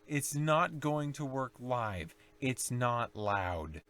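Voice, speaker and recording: Young man with gravelly voice teaching low singing. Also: very animated, very slow, fairly bright tone. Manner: demonstrates low registers with growls and fry. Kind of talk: casual vocal tutorial.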